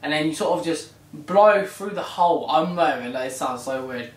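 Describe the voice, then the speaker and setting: A young man chatting excitably and joking through a challenge vlog. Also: on the high side, normal speed. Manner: excitable, chatty, jokey self-commentary. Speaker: YouTuber. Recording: echoey room with loud music behind.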